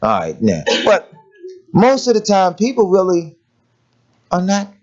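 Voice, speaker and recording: Lively, laughing preacher man. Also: high-pitched, unhurried. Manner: lively conversational preaching with rhetorical questions and laughter. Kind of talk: sermon. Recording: dull lo-fi recording.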